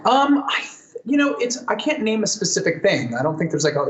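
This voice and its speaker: A man's voice: high-pitched, big pitch swings, a little fast, a bit bright, dull audio. A man answering fan questions in a casual live Q&A, chatty and thoughtful, with plenty of fillers and restarts. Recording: roomy echo, faint ambience.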